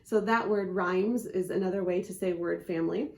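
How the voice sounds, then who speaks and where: A woman teaching spelling to parents in an instructional video, patient and methodical, slowly sounding out letters and syllables. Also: lowish voice, fairly even intonation, gravelly.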